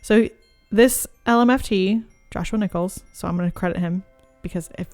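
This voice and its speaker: A woman's voice: mid-range voice, moderate pace, darkish tone, soft background music. Chatty laughing woman podcast host. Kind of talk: casual chat.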